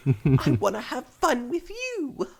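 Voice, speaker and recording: A woman's voice: huge pitch swings, slow, gravelly, full character voice. A woman voicing a little girl filly who pleads and whines at her mother. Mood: pleading. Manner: whiny, high childlike voice.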